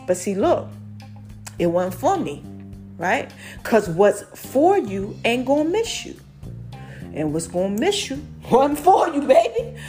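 High-voiced woman podcast host preaching. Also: darkish tone. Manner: preachy, slangy, drawn-out emphasis. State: stuffy nose. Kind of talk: motivational faith talk. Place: at home, new house.

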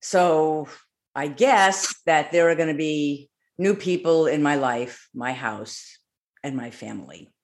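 A man's voice: fairly high pitch, slow. A man telling a personal story in a wry, detailed, conversational way. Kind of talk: personal story told on stage.

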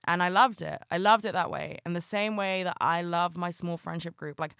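Frank, bright-voiced woman podcasting solo. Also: lowish voice, fairly even intonation, normal speed, dry recording, clean studio sound. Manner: frank, emotional, swears often. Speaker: podcast host. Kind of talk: candid solo podcast monologue.

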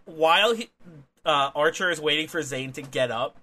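A young man chats on a wrestling podcast, recapping a match move by move. His voice is a touch high and bright. He is excitable, laughs often and swears freely. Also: normal speed.

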